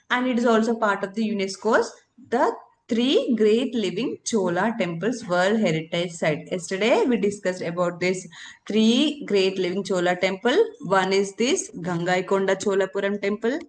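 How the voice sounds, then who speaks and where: A woman's voice: medium pitch, a little hiss or hum. A woman teaching a current affairs lesson for exam candidates, repeating key terms and answering her own questions.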